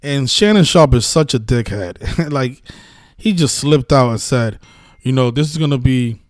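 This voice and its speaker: A man's voice: medium pitch, lively intonation, measured pace, dry recording. A man hosting a casual live-stream about sports betting, talking in a heated, profane, rambling way with many restarts. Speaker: sports betting video host.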